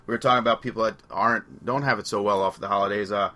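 Man, podcast host, bright tone, casual rambling storyteller, from long island. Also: lowish voice, steady tone, rapid-fire. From Long Island, New York. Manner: chatty storyteller, laughs through anecdotes. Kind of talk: casual chat.

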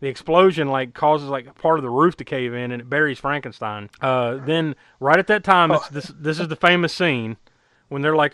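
A man's voice: on the high side, normal speed, fairly bright tone, smooth, no echo. Rambling, laughing man recapping a movie. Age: adult who was eight or nine when the film was new. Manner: rambling, laughs often, many fillers. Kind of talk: casual movie recap chat.

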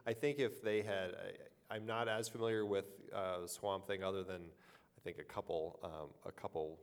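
Low-voiced man, hesitant and thoughtful. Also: steady tone, moderate pace, smooth. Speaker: podcast co-host. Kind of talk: casual chat.

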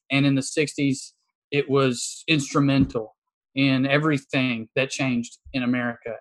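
A man's voice: mid-range voice, fairly bright tone. A man with an Appalachian accent, talking in a fired-up, profane, emphatic way in casual podcast chat. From Appalachia, East Tennessee. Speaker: comedian guest.

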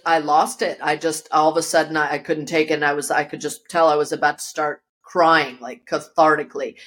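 Speaking low with a fairly bright tone, a woman interview guest relates a personal story vividly, acting out the voices of the people involved. The recording was made in her yoga studio.

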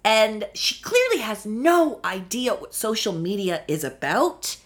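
A young woman casually recapping a reality show, snarky and profane, with sudden high exclamations. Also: sing-song, unhurried. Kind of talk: casual solo commentary.

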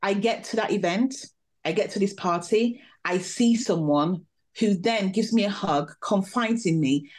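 A woman, a podcast guest, telling a personal story in a lively, animated way. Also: mid-range voice, measured pace. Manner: animated, vivid storytelling with laughs. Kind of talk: storytelling interview.

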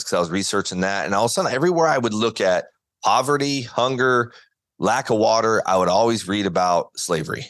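A former baseball pitcher, guesting on an interview podcast, earnestly tells a story and acts out the quotes in conversation. His voice is lowish and a bit bright, captured in a dry recording.

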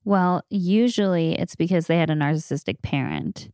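Smooth-voiced woman host explaining. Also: low-pitched, normal speed, a little mellow, dry recording, studio quality. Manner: explanatory, teaching. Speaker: podcast host. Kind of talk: conversational interview.

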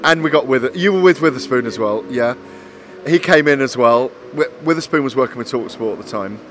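A middle-aged man, a boxing journalist, chatting casually and telling an animated story. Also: medium pitch, brisk, slight background noise. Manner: animated storyteller, acts out quotes with swearing. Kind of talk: casual two-way interview chat.

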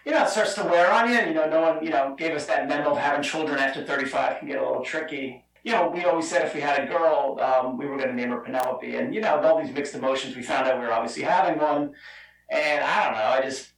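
A middle-aged man with a New Jersey accent tells a long story in a chatty, rambling way. His voice sits a bit high and has a gravelly edge. He sounds set back from the mic in an echoey room. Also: quick pace, distant mic. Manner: chatty, rambling, lots of fillers. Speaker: guest, bourbon company founder. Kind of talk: casual storytelling.

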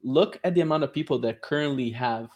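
A man's voice: medium pitch, fast talker, a little mellow. A man on a video call explaining his work with real enthusiasm, laughing often as he goes. His talk is loose and chatty, full of "you know" and "right". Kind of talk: casual explanatory chat.

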